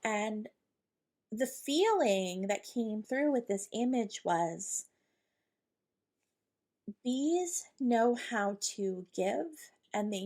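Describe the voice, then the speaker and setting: A woman's voice: fairly high pitch, a little mellow. A woman hosting a podcast, talking casually and ramblingly about spiritual guidance, with lots of fillers and quoted inner dialogue. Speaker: podcast host, intuitive channeler.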